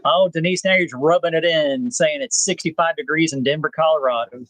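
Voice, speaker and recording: A man, hosting a rambling live chat with viewers, pausing often with "uh". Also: fairly high pitch, fairly bright tone, no echo, low-quality recording. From South Texas. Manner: laid-back, rambling, frequent "uh" pauses. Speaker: channel host.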